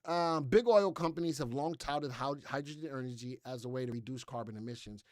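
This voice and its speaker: A man's voice: medium pitch, fairly quick, no room sound, clean studio sound. An American man hosting a live stock market show in casual, chatty commentary, reading headlines aloud and skimming past parts. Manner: chatty, reads headlines aloud and skims with "blah, blah".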